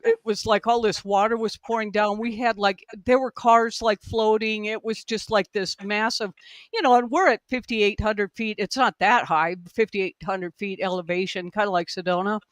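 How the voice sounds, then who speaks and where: A woman's voice: mid-range voice, fairly even intonation, normal speed, dry recording. Woman guest, casual storyteller on a video call, dry close sound, meandering delivery packed with fillers. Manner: rambling, filler-heavy, lots of "like" and "um". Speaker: podcast guest.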